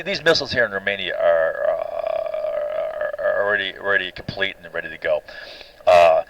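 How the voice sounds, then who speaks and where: A man's voice: on the low side, fairly bright tone, poor audio. A man giving an opinionated recorded lecture over slides, often restarting phrases and checking in with "right?".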